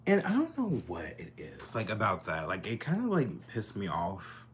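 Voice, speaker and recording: A man's voice: fairly low pitch, huge pitch swings, a little slow, pauses often, a bit bright. Sassy, rambling young man vlogger. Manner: chatty, rambling, sassy, lots of fillers. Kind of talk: casual storytime monologue. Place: his bedroom.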